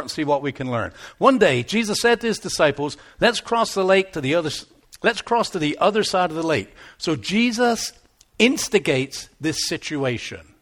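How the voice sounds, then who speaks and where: Male pastor, middle-aged, slightly high voice, very animated delivery, tells stories and acts out the quotes. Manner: storytelling with acted-out quotes and humor. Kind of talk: sermon.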